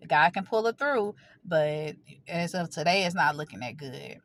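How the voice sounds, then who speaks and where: A woman's voice: deep voice, animated, normal speed. A woman, possibly in her thirties, telling a painful personal family story straight to her viewers in a casual, direct way, her voice catching as she fights back tears. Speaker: vlogger.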